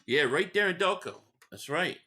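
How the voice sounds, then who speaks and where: A man's voice: fairly high pitch, lively intonation, moderate pace, sharp tone. A man from the Philadelphia area live-streaming a football game, rambling in casual chat, reading out viewer messages and giving blunt fan opinions.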